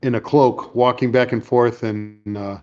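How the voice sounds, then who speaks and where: Guy rambling through a movie plot, middle pitch, slightly dull mic. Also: steady tone, a little mellow. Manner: rambling, retells scenes with quick put-on lines. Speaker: podcast host. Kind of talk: casual movie recap chat.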